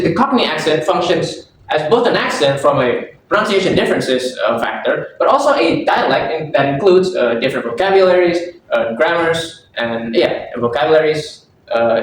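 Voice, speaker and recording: A young man giving a class presentation, halting, with many fillers and self-corrections. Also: fairly high pitch, animated, slight background noise. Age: young adult. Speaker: student presenter. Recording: echoey room, far from the mic.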